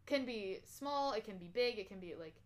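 A woman's voice: medium pitch, lively intonation, moderate pace. A young woman co-hosting a podcast, chatting casually and reading personality test results aloud. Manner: reads aloud with fillers and restarts, laughs easily. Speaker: podcast co-host.

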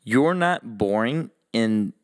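A man's voice: mid-range voice, slow pace, no room sound, clean studio sound. A man co-hosting a podcast in casual banter, teasing the others and laughing as he talks. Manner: teasing, laughing, lively storyteller. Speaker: podcast co-host.

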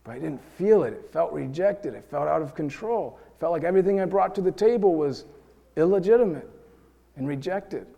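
A man's voice: fairly high pitch, animated, brisk, vocal fry, dark tone, dull audio. Earnest man preaching in a hall. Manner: earnest, building to emotional peaks. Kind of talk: sermon. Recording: long hall reverb.

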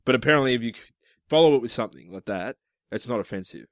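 A man's voice: mid-range voice, expressive, fast, fairly bright tone, no echo. A man chatting on a podcast, telling stories in a rambling way and laughing often. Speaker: podcast co-host. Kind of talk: casual chat.

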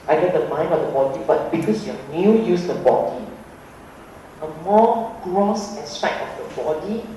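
Slow-talking man teaching meditation in a roomy hall. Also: sits high, mellow, recorded from a distance, a little hiss or hum. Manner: unhurried, emphatic, playful asides. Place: hall with an audience.

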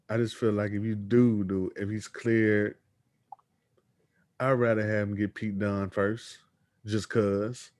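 A man's voice: lowish voice, a little mellow, dry recording. A man co-hosting a podcast, casually chatting about wrestling news and reading quotes aloud. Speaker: podcast co-host.

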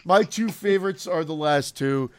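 A man with a somewhat high voice gives his view on a film in a hesitant way, trailing off mid-thought. The sound is dry and close. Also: normal speed, no room sound. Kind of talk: casual film discussion.

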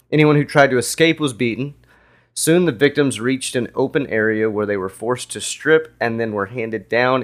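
A man co-hosting a podcast, reading history aloud at an easygoing, relaxed pace. His delivery is casual and full of fillers. His voice sits at an ordinary middle pitch for a man. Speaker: podcast co-host.

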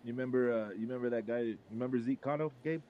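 Male co-host, casual chat, cussing storyteller, mid pitch. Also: very fast, phone-quality sound, a little hiss or hum. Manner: profane, storytelling with laughs. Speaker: podcast co-host.

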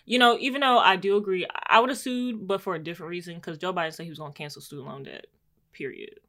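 A woman's voice: on the low side, fast talker, a bit bright. A young woman, joking and laughing often. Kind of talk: casual podcast chat.

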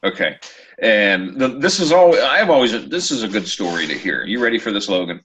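A man hosting a casual chat show, telling a story with lively, acted-out quotes. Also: lowish voice, a little fast, slight background noise. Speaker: podcast host.

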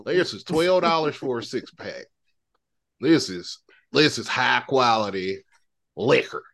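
A man's voice: medium pitch, expressive, slow pace, vocal fry, a bit bright. A man co-hosting a podcast, talking in a drawling, folksy way with stammered restarts. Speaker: podcast co-host. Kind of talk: casual chat.

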